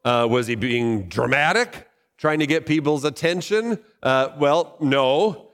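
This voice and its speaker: A man's voice: a little high, expressive, a little slow, fairly bright tone, big-room sound. A male pastor giving a sermon in a conversational way, asking his listeners questions. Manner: conversational preaching with rhetorical questions.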